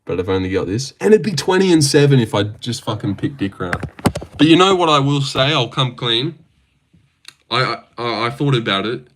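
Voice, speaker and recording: A man's voice: medium pitch, lively intonation, normal speed, noisy background. A young man livestreaming, casually reading viewer messages aloud and teasing his chat. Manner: reads viewer messages aloud and teases chatters.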